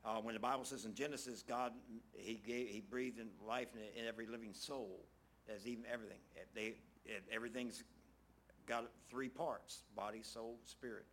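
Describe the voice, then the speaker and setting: A man's voice: mid-range voice, fairly even intonation, moderate pace, a bit bright, slight background noise. Folksy preacher man. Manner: folksy and conversational, repeats phrases for emphasis. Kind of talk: casual sermon.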